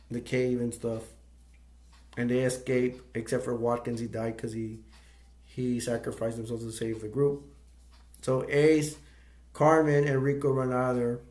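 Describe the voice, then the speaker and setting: A man's voice: mid-range voice, a little mellow. A man hosting a movie review channel, retelling a film's plot in a casual, rambling way and often searching for words. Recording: echoey room.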